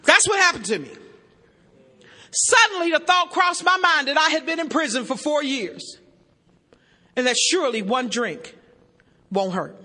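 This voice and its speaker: A woman giving a personal testimony to a live audience, emphatic and joking, sometimes shouting. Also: sits high, expressive, a little slow, pauses often. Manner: emphatic, joking and shouting between earnest passages. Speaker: speaker at a recovery meeting. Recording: reverberant hall, live amplified talk.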